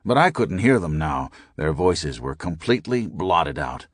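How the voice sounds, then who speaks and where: A man narrating an audiobook in a deep, measured voice. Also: very animated, no room sound, clean studio sound. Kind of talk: scripted narration.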